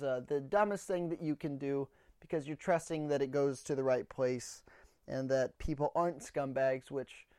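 A man's voice: a little high, darkish tone, no room sound, studio quality. A man hosting a comedy podcast alone, telling a rambling story in a blunt, sarcastic way and a little out of breath. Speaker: podcast host. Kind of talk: solo comedic monologue.

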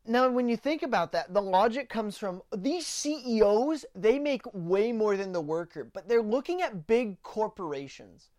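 A woman's voice: medium pitch, expressive, normal speed, few pauses, darkish tone. A woman hosting a political podcast, ranting in opinionated commentary and often stumbling over repeated words as she starts sentences. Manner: ranting, mocks opponents in sarcastic put-on quotes. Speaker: podcast host.

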